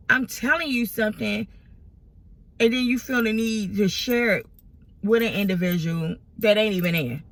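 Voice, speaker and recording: Woman, vlogger, exasperated, fighting back tears, rambling, slight vocal fry. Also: fairly high pitch, animated, slow pace, pauses often. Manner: tearful, exasperated, rambling with many restarts. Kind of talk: emotional personal venting to camera.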